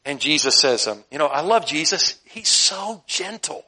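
A male pastor preaches in a bright, forceful voice pitched a little high. He mixes scripture readings with humorous, animated asides and frequent laughter. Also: normal speed. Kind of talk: sermon.

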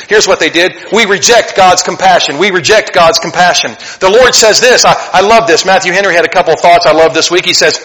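A pastor preaching a sermon, animated and conversational, swinging between loud emphatic passages and hushed earnest asides. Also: male voice, sits high, a little fast, few pauses. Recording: long hall reverb.

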